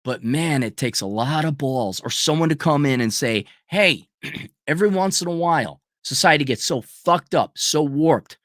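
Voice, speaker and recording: A middle-aged man ranting in a profane, mocking monologue, often mimicking people in a high falsetto. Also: lively intonation, normal speed, fairly bright tone, dry recording, studio quality. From United States. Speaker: channel host.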